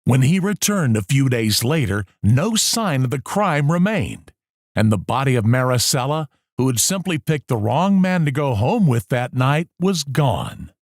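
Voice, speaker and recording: A man narrates a true-crime documentary in a measured, scripted voice. His mid-pitched voice sounds dry and close, with no room around it. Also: big pitch swings, dry recording.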